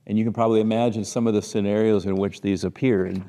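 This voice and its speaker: Middle-aged Midwestern man leading a church class, mellow tone, casual teaching that is full of rhetorical questions, long hall reverb. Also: fairly low pitch, level tone, quick pace. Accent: Midwestern American. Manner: conversational, rhetorical questions, frequent restarts.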